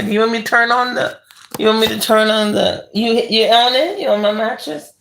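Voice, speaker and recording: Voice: medium pitch, fairly quick, creaky, fairly bright tone. A livestream host lying in bed in a bedroom, chatting casually and rambling with the viewers' chat and laughing often.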